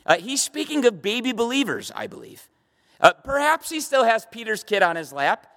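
A man's voice: very high voice, wildly swooping pitch, moderate pace, a bit bright. A middle-aged man preaching a sermon to a live audience in a church hall, emphatic, stumbling over repeated words and firing rhetorical questions at the room. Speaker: pastor.

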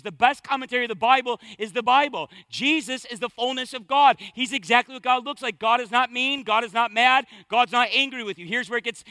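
A man preaching a sermon as pastor, impassioned and conversational, dropping to a hush and then rising loud. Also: extremely high pitch, no echo. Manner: impassioned, swings from hushed to loud.

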